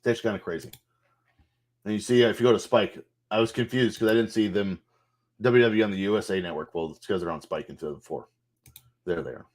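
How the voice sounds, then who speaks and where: A man with a somewhat low voice talks through a game's menus in a loose, off-the-cuff way, swearing now and then. He thinks aloud as he clicks around, and keyboard clicks can be heard behind him. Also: fairly quick, long pauses. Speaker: gameplay streamer. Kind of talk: casual game walkthrough commentary.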